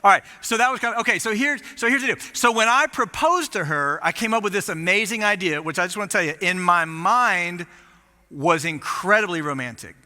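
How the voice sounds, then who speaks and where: A lead pastor tells a story from the pulpit in an animated, self-mocking way. His voice sits high and very bright, with real force behind it. The sound carries the long reverb of a church auditorium. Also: fast, few pauses. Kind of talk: storytelling sermon.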